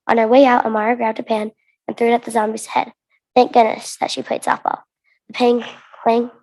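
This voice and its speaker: A teenage American girl, her voice on the high side and a little mellow, reads her own story aloud to a conference audience. As a student reader, she comes across earnest and restarts now and then.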